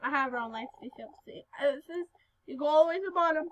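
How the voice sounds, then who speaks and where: A female speaker giving casual gameplay commentary, giggly and excitable, breaking into sudden loud outbursts. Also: high voice, fast, dull audio. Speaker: gaming video host.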